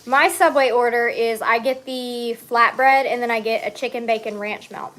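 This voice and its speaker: At a normal speed, a woman with a fairly high, fairly bright voice and fairly even intonation chats on her own channel while eating. She teases her viewers and frequently speaks with food in her mouth, in a relaxed mukbang style.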